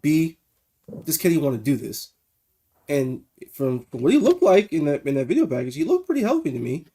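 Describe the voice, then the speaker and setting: A man co-hosting a casual wrestling review podcast over a video call, animated and swearing freely. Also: fairly high pitch, husky. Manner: animated, swearing, quick asides. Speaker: podcast co-host.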